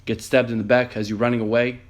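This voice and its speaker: A man's voice: medium pitch, level tone, quick pace. A man in his thirties, an emergency nurse, earnestly telling a story in a motivational vlog with many fillers. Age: 30s.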